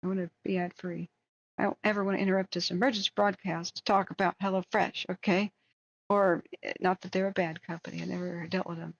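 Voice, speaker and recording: An American woman hosting a long wildfire-tracking livestream, chatting casually, rambling and opinionated, reading viewer comments aloud. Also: on the low side. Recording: dull lo-fi stream audio.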